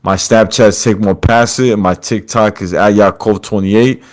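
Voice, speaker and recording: Over a video call, a podcast host tells a story in a relaxed chat, quoting lines and referring to his guest as brother. His voice is fairly low, with a steady tone and moderate pace.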